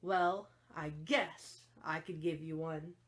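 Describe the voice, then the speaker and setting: A woman voicing a grumpy, prickly male cactus who yells crabbily in a storybook read-aloud. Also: deep voice, steady tone, slow pace, pitched below the performer's own voice. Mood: grudging. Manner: yelling, crabby and curt.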